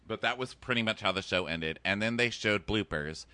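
A man's voice: on the low side, moderate pace, pushed and bright, no room sound. A man co-hosting a podcast, chatting casually and acting out quotes in exaggerated voices. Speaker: podcast co-host. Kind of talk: casual chat recapping a TV show.

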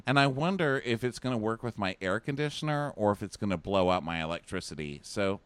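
A man's voice: fairly low pitch, animated, fairly quick, a bit bright, clean tone, dry recording. A man co-hosting a casual chat, recapping a show with sarcastic asides. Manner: sarcastic, mimics people in exaggerated voices. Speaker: podcast co-host.

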